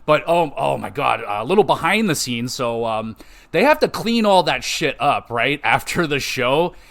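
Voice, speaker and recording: A man's voice: mid-range voice, moderate pace, gravelly. A man hosting a podcast, gushing and swearing as he recaps a show he loved. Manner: excitable, profane, gushing fan. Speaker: podcast host.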